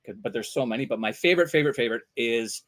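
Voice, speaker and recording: Casting: lively storyteller, a man with a mid-range voice, quick to jump into loud character voices. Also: medium pitch. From Vancouver, Canada. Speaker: voice actor guest. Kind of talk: casual anecdotes.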